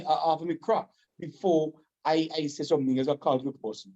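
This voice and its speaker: A man with a Vincentian accent, from Saint Vincent, chatting casually as a guest, animated, proud and fast-talking. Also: fairly high pitch, muffled recording. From Saint Vincent and the Grenadines. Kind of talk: casual chat.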